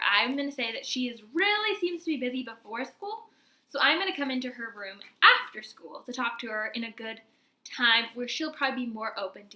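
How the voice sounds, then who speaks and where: A woman's voice: high-pitched, sharp tone. A woman who makes videos on learning disabilities, explaining things in an upbeat, casual way and walking the viewer through steps. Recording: roomy echo.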